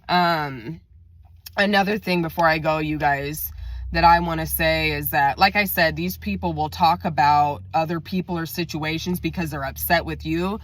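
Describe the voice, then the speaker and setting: Woman vlogger, lowish voice, chatty venting storytime, dry close mic. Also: dry recording. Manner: chatty, venting, acts out quotes in raised voice. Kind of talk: casual storytime vlog.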